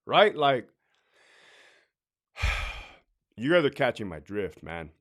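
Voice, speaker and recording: A man's voice: on the low side, very animated, very slow, a bit bright. A man who used to be a correctional officer, giving blunt, profane advice in a casual talk and ending many points with "right?".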